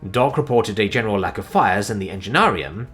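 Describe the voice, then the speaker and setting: A man narrating a sci-fi war story in an animated, expressive way, with sudden swings in pitch and loudness. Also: fairly quick, soft background music.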